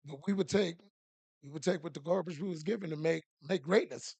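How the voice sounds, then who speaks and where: Give me a relaxed, slangy man co-hosting a podcast, with a gravelly voice. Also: fairly high pitch, a little fast, no room sound. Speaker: podcast co-host. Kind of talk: casual podcast chat.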